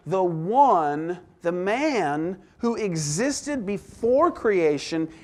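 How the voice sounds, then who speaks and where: A man preaching a sermon as pastor, reading scripture and explaining it, moving between emphatic exclamations and soft, hushed asides. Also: high voice, sing-song, very slow, hardly any pauses.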